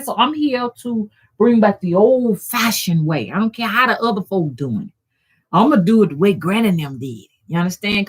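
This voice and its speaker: A woman's voice: medium pitch, a bit bright. A middle-aged woman, hosting a casual livestream chat, folksy and profane, greeting viewers by name. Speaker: rootworker and channel host.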